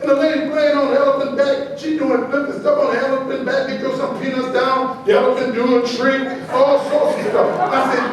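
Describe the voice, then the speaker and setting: A man with a fairly high voice gives a motivational speech, spinning humorous stories in a rolling cadence that builds and repeats. He is heard from a distance in a very echoey hall, with a faint hiss underneath. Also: brisk, hardly any pauses, crowd noise. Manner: animated, preacher-like repetition and building cadence. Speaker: motivational speaker. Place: large hall at a podium.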